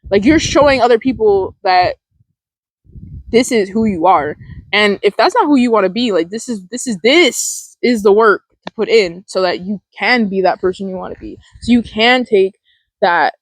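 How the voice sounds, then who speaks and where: Woman mindfulness host, casual pep talk, rambling and filler-heavy, mid pitch, dry close sound. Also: lively intonation, normal speed, no echo, poor audio.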